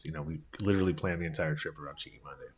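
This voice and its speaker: A man with a very deep voice talks quickly in a relaxed panel chat. He rambles easily and fills his sentences with "uh" and "you know.". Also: a crowd in the background. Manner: relaxed, rambling, lots of fillers. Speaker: panel guest. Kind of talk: casual chat. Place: social club at a trade fair.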